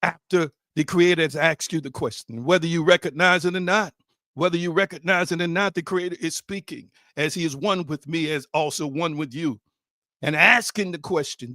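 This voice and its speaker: A man preaching a sermon, hammering the same rhetorical questions over and over and now and then rising to a shout. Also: fairly high pitch, moderate pace, no room sound, studio quality.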